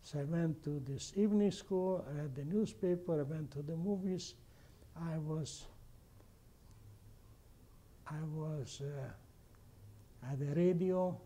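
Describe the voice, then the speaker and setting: Older man, non-native English speaker with a heavy accent, dark husky voice, halting oral-history telling. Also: on the high side. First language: not English. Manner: halting, repeats himself, restarts often. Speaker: interviewee.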